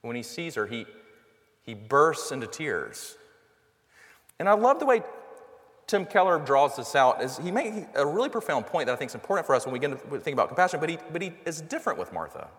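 A man's voice: on the high side, sing-song, brisk, fairly bright tone. Earnest man preaching in a reverberant hall. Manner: earnest, conversational preaching with rhetorical questions. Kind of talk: sermon.

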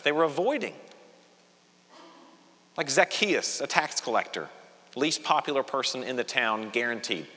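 A man's voice: medium pitch, sharp tone. A man preaching a sermon as a pastor, earnest and conversational, with frequent restarts. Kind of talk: sermon with opening prayer. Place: church sanctuary. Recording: long reverb of a church hall.

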